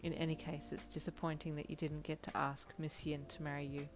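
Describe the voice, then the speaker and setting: A woman reading a fan audio story and voicing a reserved young male hero who speaks softly and formally. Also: deep voice, level tone, brisk. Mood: apologetic. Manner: quiet, formal, soft-spoken.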